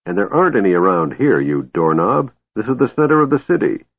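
A man voicing a gruff, grumpy male dwarf in a storybook reading, surly and blunt, on a tinny phone-like recording. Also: deep voice, big pitch swings, normal speed, heavily acted. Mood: grumbling.

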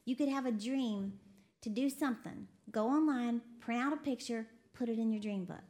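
High-voiced woman preaching with laughs. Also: moderate pace. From Texas. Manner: lively, laughs often, quotes voices. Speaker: preacher co-hosting a broadcast. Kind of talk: sermon to a women's audience.

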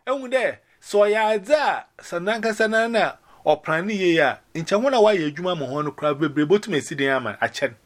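Ghana guy rambling on a phone call, kinda high voice, flips between english and akan. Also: animated, a little fast, few pauses. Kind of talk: casual phone chat.

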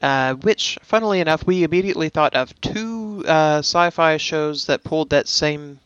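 Smooth-voiced man, casual podcast host. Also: a little high, moderate pace, a bit bright, no room sound, muffled recording. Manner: hesitant, many fillers.

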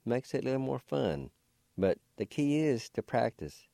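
A man hosting a radio language lesson, slowly spelling words and patiently repeating each pronunciation. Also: mid-range voice, sing-song, gravelly, dark tone, no echo, studio quality. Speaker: language teacher and radio host. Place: radio studio.

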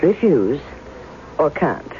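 A woman's voice: deep voice, very animated, slow, a little hiss or hum, exaggerated voice. An actress in a 1970s radio drama playing a guarded woman who doubts the man claiming to be her husband, cool and cutting. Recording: thin phone-like old radio broadcast with faint music.

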